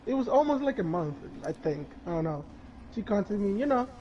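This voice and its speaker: A man's voice: sits high, big pitch swings, a little fast, dull audio, slight background noise. A man telling a story in casual chat on a stream, crude and rambling, laughing as he goes.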